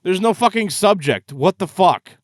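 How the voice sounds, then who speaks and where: Casting a foul-mouthed male reaction host, pitched a bit high, ranting in disbelief. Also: lively intonation, moderate pace, no echo, studio quality. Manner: profane, exasperated ranting. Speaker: YouTube host reacting to game trailers. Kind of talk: casual reaction commentary.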